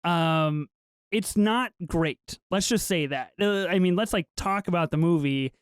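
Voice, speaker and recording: A man's voice: high-pitched, unhurried, clean tone, dry recording, studio quality. A man co-hosting a podcast, chatting casually about a movie in a wry, joking way and laughing easily. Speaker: podcast co-host. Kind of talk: casual film review chat.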